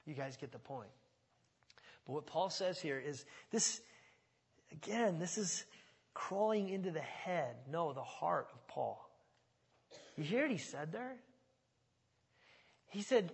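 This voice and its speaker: A man preaching an expository sermon in an animated, conversational and emphatic way. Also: a little high, slow, vocal fry, long pauses, slightly rough, long reverb tail. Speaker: pastor.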